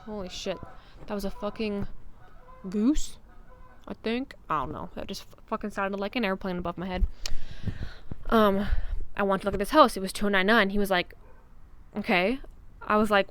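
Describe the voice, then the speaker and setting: A woman's voice: medium pitch, normal speed, long pauses, a bit bright. A young adult woman hosting her own podcast, talking casually in a blunt, profane, rambling way. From Canada. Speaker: podcast host. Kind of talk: casual solo podcast chat.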